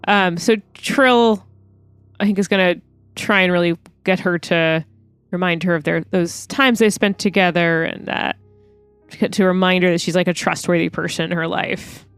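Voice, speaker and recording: A woman playing a tabletop game, hesitant as she thinks aloud about what her character does. Her voice is smooth and a little low, and it is recorded dry and close with faint music underneath. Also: steady tone, moderate pace, dry recording. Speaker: player.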